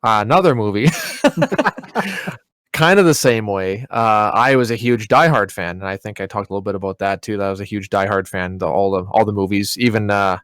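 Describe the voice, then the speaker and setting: A man co-hosting a podcast, casually ranting about disappointing movies with animated storytelling and plenty of swearing. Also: lowish voice, brisk, clear, resonant tone, no echo. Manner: animated storytelling, mimics people mid-rant, swears freely. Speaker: podcast co-host. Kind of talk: casual chat.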